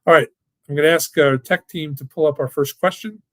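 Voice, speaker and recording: A man's voice: fairly high pitch, fairly quick, fairly bright tone, dry recording. A man who owns a financial firm, hosting a webinar with live questions in an enthusiastic, rambling, folksy way. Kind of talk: casual webinar talk with live Q&A. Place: home or office, online workshop.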